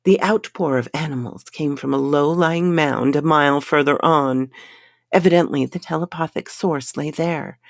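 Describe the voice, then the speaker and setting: A woman narrating a pulp science fiction story in a dramatic, unhurried reading style. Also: sits low, dry recording, clean studio sound.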